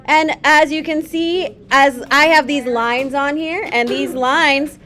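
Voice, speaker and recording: Woman art teacher, slightly high voice, gentle chatty walkthrough of a painting demo in a classroom. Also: steady tone, slow. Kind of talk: painting demonstration.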